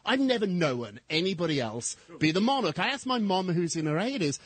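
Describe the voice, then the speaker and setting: A middle-aged English man, a gossip columnist, chatting as a guest on a radio talk show in an animated, camp, gushing way. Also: sits high, fairly quick, no room sound.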